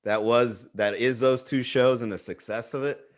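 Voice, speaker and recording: A man's voice: mid-range voice, steady tone, moderate pace. A man hosting a casual comedy livestream, riffing profanely and acting out other people's voices.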